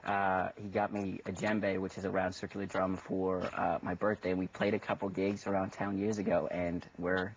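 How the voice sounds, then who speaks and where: A man from Ireland chatting casually as an interview guest, relaxed and rambling with many restarts. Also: deep voice, normal speed, hardly any pauses, recorded from a distance, slight background noise. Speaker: actor guest. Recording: dull lo-fi recording.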